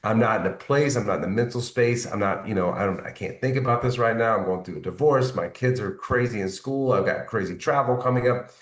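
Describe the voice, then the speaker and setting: A man's voice: lowish voice, fairly quick, hardly any pauses, echoey room, far from the mic. A man coaching his team on sales follow-up, motivational and repetitive, often checking in with "right?". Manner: motivational, repeats points, asks "right?". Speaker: network marketing team leader.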